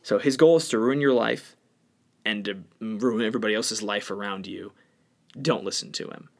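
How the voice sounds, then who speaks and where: A man co-hosting a podcast, talking bluntly and opinionatedly in casual chat, swinging between louder bursts and quiet stretches. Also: fairly low pitch, normal speed, gravelly. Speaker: podcast co-host.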